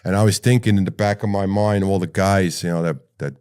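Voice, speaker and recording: A middle-aged man, a retired firefighter, telling personal stories in an animated way and swearing freely. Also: low voice, brisk, clear, resonant tone. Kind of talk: personal storytelling.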